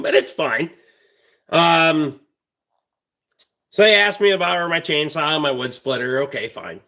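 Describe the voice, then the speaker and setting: A man with a bright, edgy tone and a slightly high voice, hosting a livestream. He rambles through stories in a blunt, heavily profane, casual way. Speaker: livestream host.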